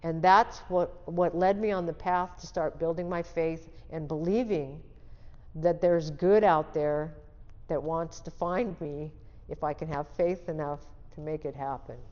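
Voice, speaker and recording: A woman's voice: low-pitched, steady tone, a little slow, a little mellow, big-room sound, muffled recording. An older woman, an interview guest, telling her life story and acting out the dialogue in it as she talks. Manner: vivid storyteller who acts out quoted dialogue; restarts and trails off mid-sentence.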